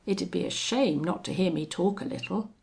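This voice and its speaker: Woman voicing a cold, quiet gunman. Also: lowish voice, normal speed, creaky. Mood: coolly menacing. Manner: gentle, cold, quietly menacing. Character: cold, calm male gunman hunter. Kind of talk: audiobook reading.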